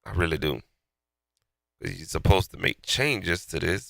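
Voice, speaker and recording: A very low, heavily gravelly man with a bright, forceful edge talks loosely and in slang through a mixing session, his nose stuffy from a cold. The sound is dry and close, with faint music underneath. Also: measured pace, no echo. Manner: loose and slangy, talking to himself while working. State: stuffy-nosed from being sick. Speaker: beat maker walking through a mix. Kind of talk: casual mixing tutorial.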